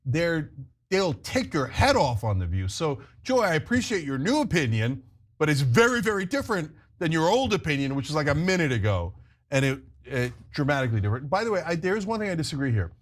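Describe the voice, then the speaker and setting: A man hosting a political talk show, giving heated, sarcastic commentary and mocking others. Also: a little high. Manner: sarcastic, mocks others in exaggerated voices.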